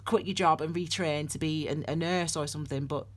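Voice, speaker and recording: A woman's voice: low voice, steady tone, fairly quick. A middle-aged woman giving a casual tarot reading, rambling and digressing with many restarts. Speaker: tarot reader.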